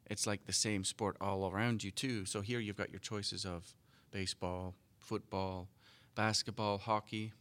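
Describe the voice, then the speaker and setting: A man from Scotland with a Scottish accent, chatting casually on a talk show and telling lively stories about growing up. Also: on the low side, a little slow. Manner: animated storytelling, repeats words. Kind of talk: casual chat.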